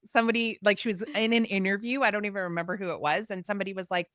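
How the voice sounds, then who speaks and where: A woman hosting a casual podcast conversation, telling stories in an animated way and acting out quotes in playful voices. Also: mid-range voice, quick pace, hardly any pauses, no echo, studio quality. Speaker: host.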